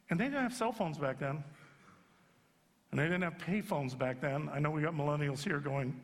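A man pastor giving an animated, comic sermon in a church sanctuary. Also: a little high, moderate pace. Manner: animated storyteller, jumps into acted voices. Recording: long sanctuary reverb.

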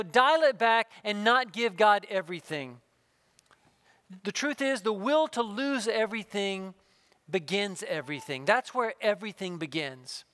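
A man preaching a sermon, earnestly telling a personal story and dropping to a hushed voice in its intimate moments. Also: very high voice, smooth, no room sound. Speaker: pastor.

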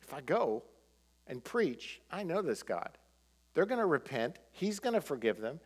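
A man's voice: a little high, very animated, moderate pace, breathy edge. A man voicing a resentful male prophet who mutters his refusals sullenly. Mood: grudging.

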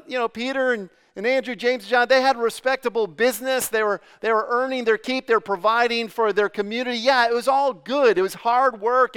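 A man preaching to his church in a high, smooth, clear voice. He is animated and conversational, asks the congregation questions, and often repeats words mid-thought. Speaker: pastor. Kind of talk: sermon.

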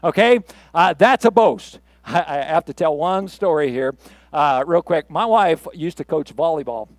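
A man's voice: a little high, expressive, normal speed, no room sound. A middle-aged man preaching a sermon in a conversational, playful way that builds to rousing emphasis. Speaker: pastor.

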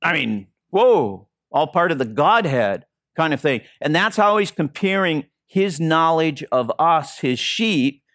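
A man's voice: on the high side, sing-song, unhurried, a bit bright, no echo, clean studio sound. A man preaching a sermon as interim pastor, earnest and repeating phrases for emphasis. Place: church.

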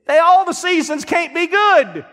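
A man pastor preaching a sermon in a folksy, emphatic way, dropping now and then to quiet asides. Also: very high-pitched, animated, unhurried, big-room sound. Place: church sanctuary.

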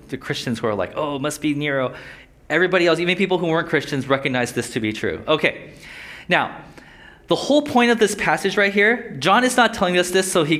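A man's voice: mid-range voice, fairly bright tone. A young adult man teaching a Bible lesson in a casual, conversational sermon style, often asking his listeners questions. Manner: conversational, asks the audience questions.

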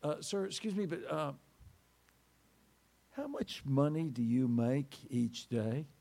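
A preacher doing a stammering, startled rabbi. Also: male voice, mid-range voice, animated, drawn-out words, creaky, husky, pitched below the performer's own voice, full character voice. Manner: stammering, soft. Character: hesitant, startled male rabbi in doubt.

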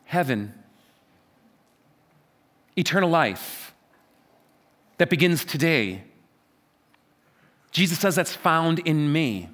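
A man preaching a sermon from a church stage, emphatic and repetitive, swinging between loud stresses and quiet asides. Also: expressive, slow, pauses often. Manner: emphatic, repeats phrases, wide swings in pitch and loudness. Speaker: pastor.

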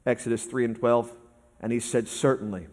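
A man preaching a sermon to a church service, swinging from quiet, fast lines up to shouting and half-singing. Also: fairly high pitch, expressive. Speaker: pastor. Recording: long hall reverb.

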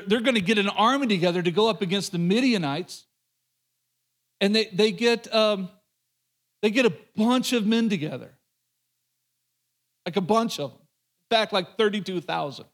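A male pastor in the middle of a sermon, telling a story with an animated, conversational delivery. His voice sits fairly high for a man, and he speaks directly to the people listening. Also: moderate pace, pauses often.

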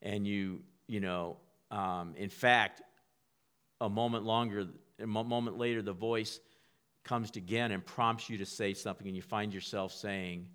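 A man's voice: low-pitched, steady tone, moderate pace, smooth. A man preaching a sermon in a conversational way. He often repeats and restarts words and sometimes whispers a line to act out an inner voice. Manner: acts out inner voices, whispers a quiet prompt.

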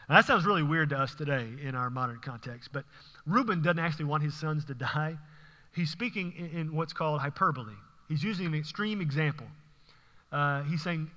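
A man preaching in a bright, forceful voice, his lines carrying a long hall reverb. He reads scripture aloud and explains it in a conversational, emphatic way. The recording sounds a little muffled. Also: fairly high pitch, normal speed. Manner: conversational, emphatic, occasional laughs. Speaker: pastor. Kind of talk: sermon reading and explaining scripture.

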